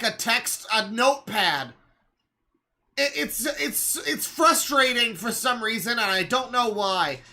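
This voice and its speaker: A man's voice: extremely high pitch, pushed and bright. A man streaming live, reacting to videos with sarcastic, exasperated, profane rants.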